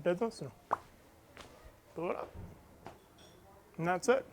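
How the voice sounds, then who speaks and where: A man giving an animated, storytelling talk to a live audience about his startup, often laughing and acting out what people said. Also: sits high, unhurried, a little hiss or hum. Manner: animated, laughing, acts out quotes. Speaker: startup founder speaker. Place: event venue with audience.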